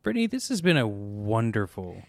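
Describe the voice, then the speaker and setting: A man's voice: on the low side, wildly swooping pitch, moderate pace, vocal fry, crowd noise. A man co-hosting a podcast in casual chat, with playful, teasing banter. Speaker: podcast co-host.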